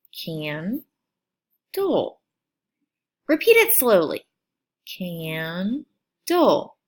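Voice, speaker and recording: A woman teacher giving a recorded phonics lesson for children, sounding out syllables with slow, clear over-enunciation. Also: fairly high pitch.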